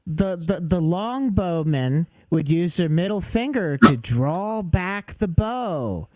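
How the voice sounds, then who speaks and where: A man's voice: sits high, expressive, slow pace, no echo. A man in a casual livestream chat who playfully shares word trivia.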